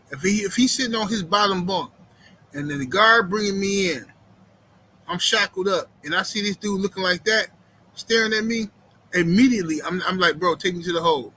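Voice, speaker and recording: Man, live stream host, high voice, very bright, slangy joking chat, faint background noise. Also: rough recording. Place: home.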